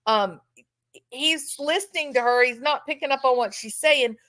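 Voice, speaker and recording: A woman's voice: high-pitched, moderate pace, sharp tone. A woman giving a casual true-crime commentary in a sarcastic, incredulous, emphatic manner.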